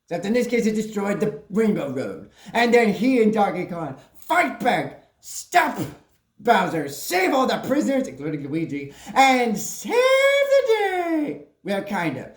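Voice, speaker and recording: A woman doing a comic hobo persona who excitedly and crudely recaps a movie plot, tacking "mama" onto her lines. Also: medium pitch, unhurried. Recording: roomy echo.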